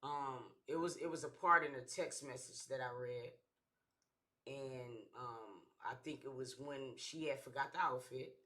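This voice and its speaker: Slangy man reacting, bright voice. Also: medium pitch, unhurried. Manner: slangy, conversational, frequent "you feel me". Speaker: reaction channel host. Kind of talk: casual reaction commentary.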